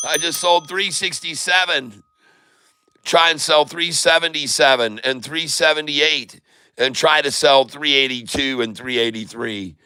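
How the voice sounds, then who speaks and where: A man hosting a live day-trading stream, excitedly calling out share prices and exclaiming to his viewers. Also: fairly high pitch, a little slow, clear, resonant tone. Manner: exclamatory, rattles off prices, addresses viewers as folks. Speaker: day-trading livestream host.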